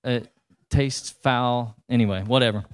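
A man preaching a sermon in a lively, colloquial way, full of rhetorical questions and asides to the congregation. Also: medium pitch, unhurried, smooth. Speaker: pastor.

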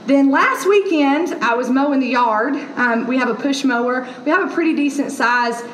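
A woman with a high, bright-pitched voice preaches a casual, story-filled sermon. She talks in a chatty way, full of ums and asides. The sound is roomy, with the echo of a church hall. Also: normal speed. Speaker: pastor. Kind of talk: conversational sermon.

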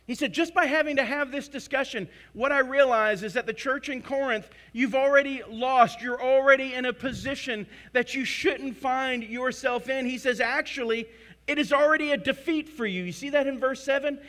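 Male pastor, high and sharp-toned, emphatic sermon delivery with big swings in volume. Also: moderate pace. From United States. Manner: emphatic, swings between loud and hushed.

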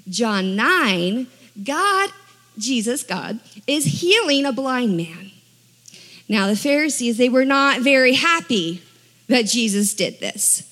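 A woman delivers a sermon in a lively, conversational way, acting out the voices of the people in her story. Her voice sits a little high, and a long reverb trails behind it, as in a large hall. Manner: conversational, animated preaching with quoted voices. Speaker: preacher.

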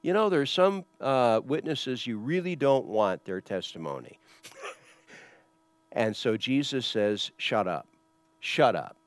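A man's voice: medium pitch, lively intonation, takes it slowly, smooth, no echo. A pastor explaining scripture in a conversational sermon, asking rhetorical questions as he teaches. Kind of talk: expository sermon.

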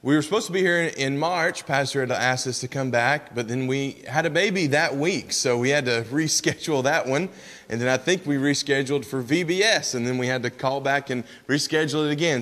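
A young missionary man with an East Tennessee drawl tells stories to a church in a folksy, easygoing manner, often restarting his sentences. His voice is of middle pitch and carries a long reverb from the sanctuary. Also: brisk, fairly bright tone. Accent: East Tennessee Southern. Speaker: missionary speaker.

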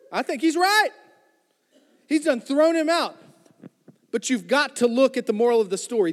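High-voiced joking male preacher. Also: big-room sound. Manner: joking, conversational preaching with congregation call-outs. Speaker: pastor. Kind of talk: sermon.

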